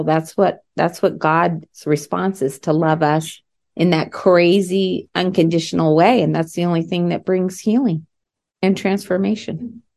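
A woman with a low voice responds to a guest's story in a faith discussion. She speaks thoughtfully, stopping partway through to rephrase before summing up. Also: creaky, darkish tone. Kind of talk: reflective faith conversation.

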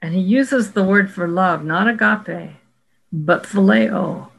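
Gravelly-voiced woman teaching scripture. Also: mid-range voice, low-quality recording. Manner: explanatory, quotes scripture slowly, some restarts. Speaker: Bible teacher in discussion. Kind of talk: casual scholarly discussion.

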